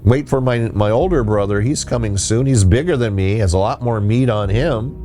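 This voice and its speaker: A man's voice: fairly low pitch, moderate pace, warm tone, faint music behind, natural voice. A man voicing a small, frightened young billy goat who begs a troll not to eat him. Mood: pleading. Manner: pleading.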